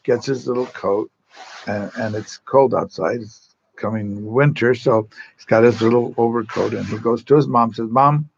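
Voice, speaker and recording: Gravelly-voiced priest telling a joke. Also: male voice, mid-range voice, steady tone, normal speed, darkish tone, muffled recording, slight background noise. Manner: rambling, chatty, repeats words as he tells a joke. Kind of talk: storytelling on a TV talk show.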